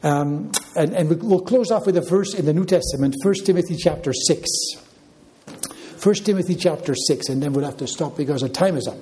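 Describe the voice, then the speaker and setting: A man's voice: on the high side, a little fast, warm tone, slight background noise. An older man preaching a sermon, repeating key phrases with emphasis and checking in with listeners.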